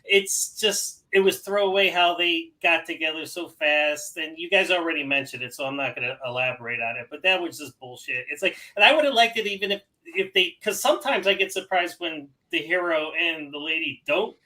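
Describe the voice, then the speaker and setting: A man's voice: fairly high pitch, lively intonation, brisk, hardly any pauses, bright, forceful tone, poor audio. A man from New Hampshire co-hosting a casual movie podcast, rambling with restarts and frequent laughs. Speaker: podcast co-host. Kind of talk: casual movie-review chat.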